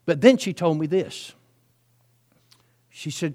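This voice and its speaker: A man's voice: fairly high pitch, lively intonation, slow pace, long pauses, warm tone. A male preacher, telling a story in his sermon in a folksy, chatty way with frequent asides.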